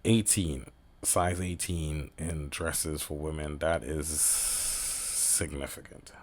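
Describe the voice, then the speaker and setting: A man's voice: very deep voice, fairly even intonation, slow. A man hosting a casual reaction video, talking in a slangy, rambling, offhand way.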